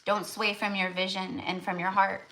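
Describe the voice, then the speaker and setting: A woman's voice: mid-range voice, level tone, moderate pace, noisy background. A woman doing a casual tarot reading for her viewers, rambling with lots of "like" and restarts. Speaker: tarot reader.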